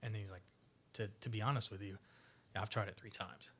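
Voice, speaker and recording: A man in his forties speaks as a podcast guest, his voice sitting a little lower than most. He tells stories in a loose, animated way, stacking fillers and restarting his sentences as he goes. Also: brisk, slight background noise. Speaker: podcast guest, veteran charity founder. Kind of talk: casual storytelling interview.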